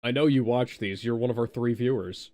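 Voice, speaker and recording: A man's voice: mid-range voice, a little fast, darkish tone. A man co-hosting a casual watch-along, riffing with crude jokes and asides. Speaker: co-host.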